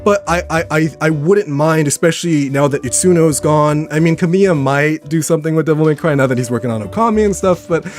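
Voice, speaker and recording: An excitable young man hosts a live stream from his room, talking straight to his chat in a rambling, eager way. His voice sits a little high and sounds slightly worn, and faint music plays underneath. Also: a little fast, few pauses. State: voice getting worn.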